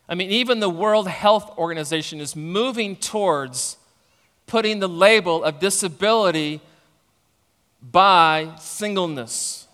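A man preaching a sermon as a pastor, speaking earnestly and deliberately. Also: high-pitched, a bit bright, clean tone. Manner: earnest, slow and deliberate, reading a letter aloud. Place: church sanctuary. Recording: long reverb of a large hall.

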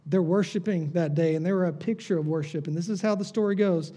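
A man preaching a sermon, full of rhetorical questions, swinging from emphatic peaks down to low, quiet lines. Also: fast. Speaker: pastor.

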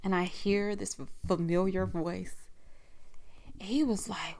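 A woman's voice: mid-range voice, fairly even intonation, takes it slowly, pauses often, a little mellow. A woman telling a personal story in a frank, profane, rambling conversational way.

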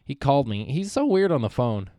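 Young male podcast host, solo monologue: smooth, clean voice, dry close mic, meandering and profane. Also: medium pitch, very animated, brisk, warm tone, no room sound. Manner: profane, meandering, self-interrupting.

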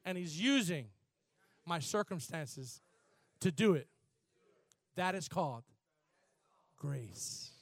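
A man preaching a sermon, repeating words and drawing out phrases, building from quiet emphasis to shouted fervor. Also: a little high, lively intonation, takes it slowly, long pauses, no echo.

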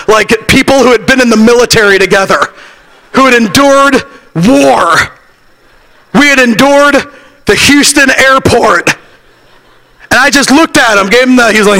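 A middle-aged man preaching an impassioned sermon to young people, shouting and telling stories. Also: very high-pitched. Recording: long reverb of a large hall.

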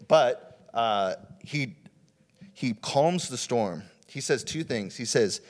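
A young man preaching a sermon in a relaxed, conversational way, with frequent fillers and restarts. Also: mid-range voice, slow pace.

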